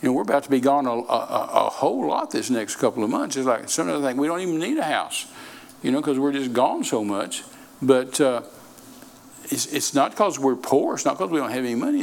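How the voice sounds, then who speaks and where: A man's voice: medium pitch, sing-song, fairly quick, vocal fry, low-quality recording. An older man preaching a sermon in a folksy, repetitive way, often restarting his sentences. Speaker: traveling preacher.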